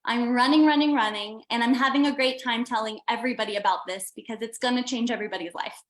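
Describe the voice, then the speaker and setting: A woman speaks earnestly about her own experience in short, stacked phrases. Her voice is high, and the room around her rings with echo. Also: quick pace. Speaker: guest giving a testimony. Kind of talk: earnest personal testimony. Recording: echoey room.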